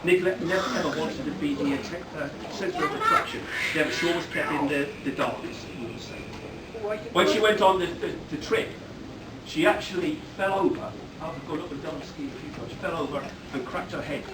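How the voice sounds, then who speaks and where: A middle-aged man giving a rambling, joke-filled father-of-the-bride speech at a wedding reception, breaking into loud bursts of praise. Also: fairly high pitch, very animated, fairly quick. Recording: echoey hall, from far off, loud background noise.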